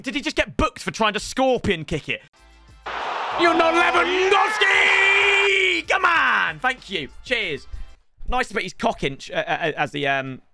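A young man commentating live on his football video game, excitable and jokey, often shouting at the play. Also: high voice. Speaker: gaming streamer.

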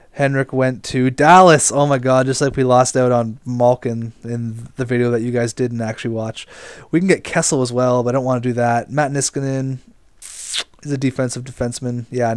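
A man's voice: mid-range voice, clear, resonant tone, no room sound. A young man giving casual gameplay commentary as he manages a hockey team, talking to himself, getting frustrated and swearing. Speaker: gaming commentator.

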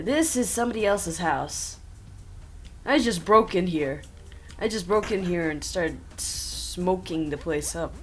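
A woman with a lowish voice that swings widely up and down as she rambles through a game playthrough. She tosses sarcastic jokes at the characters on screen, speaking into a desk mic with faint game music behind her. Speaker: gameplay commentator. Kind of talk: playthrough commentary. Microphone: own desk microphone.

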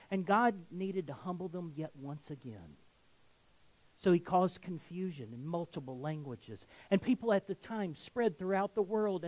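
High-voiced Southern pastor preaching. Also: male voice, a little mellow, no echo, rough recording. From Southern United States. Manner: conversational, joking asides to the congregation. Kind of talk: sermon. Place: church sanctuary.

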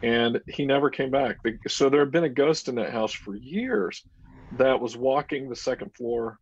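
A man's voice: medium pitch, moderate pace, slightly rough. A man who is a paranormal investigator, chatting casually on a video call and telling a story animatedly. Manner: animated storyteller, acts out dialogue. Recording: muffled lo-fi video call audio.

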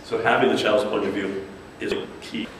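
A man's voice: lowish voice, moderate pace, slight background noise. A man giving a casual talk to an audience about designing media for children, acting out the voices of kids and characters as he goes. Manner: animated, acts out kids' and characters' voices. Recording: echoey distant room recording.

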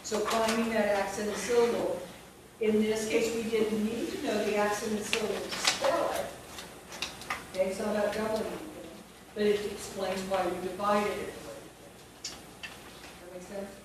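A woman's voice: mid-range voice, steady tone, normal speed. Woman teacher in an echoey classroom. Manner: explains step by step, thinking aloud with restarts. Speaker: teacher trainer. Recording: echoey room from far off with noise.

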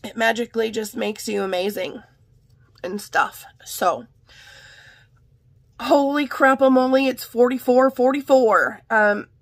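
A hoarse, sick woman rambling chattily through a casual haul vlog from her home office. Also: a little high, a little slow, long pauses, no echo. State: hoarse from illness. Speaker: haul vlogger. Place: home art room and office.

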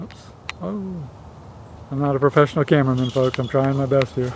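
A man's voice: medium pitch, fairly quick, noisy background. A man from Virginia filming dogs in a yard with a handheld camera, giving a folksy, joking play-by-play full of exclamations. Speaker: vlogger filming his dog. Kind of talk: casual handheld commentary. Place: outdoors in a yard. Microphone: handheld consumer camera. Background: dogs playing.

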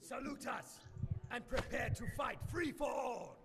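An actor voicing a stern, gravelly male arena master who proclaims ceremonial commands in a game. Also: extremely high pitch, expressive, unhurried, raised voice, a crowd in the background, full character voice. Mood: proclaiming. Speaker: arena announcer. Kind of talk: game voice acting.

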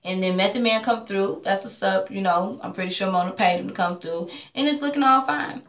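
A woman's voice: medium pitch, fairly quick, fairly bright tone. Woman, recap vlogger, blunt and sassy, swears freely, roomy echo. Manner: blunt, sassy, swears a lot, acts out quotes. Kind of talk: casual reality-TV recap rant.

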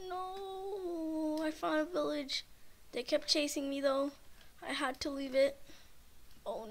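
A woman's voice: high voice, a bit bright. A shaken, nervous woman gives rambling, frightened commentary on her own gameplay and keeps repeating herself. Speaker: gamer, channel host.

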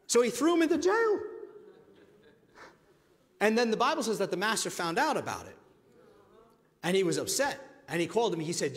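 A man pastor preaching a sermon, emphatic and calling the congregation his friends, swinging between loud stretches and hushed ones. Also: sits high, sing-song, normal speed, pauses often, big-room sound. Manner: addresses the congregation directly as friends. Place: church sanctuary.

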